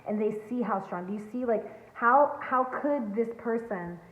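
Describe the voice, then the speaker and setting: A woman's voice: fairly high pitch, moderate pace, slight background noise. A woman giving an earnest, emphatic tarot reading to her viewers from home. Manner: earnest, emphatic, spiritual coaching tone. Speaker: tarot reader. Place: home, near a backyard. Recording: echoey, tinny phone-like sound.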